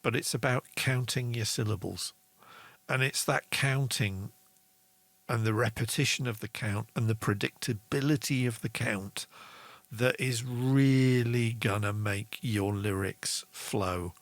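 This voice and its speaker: A man's voice: medium pitch, measured pace, no room sound. A man hosting a casual songwriting lesson, chatty, reading out viewer comments. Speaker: songwriting show host.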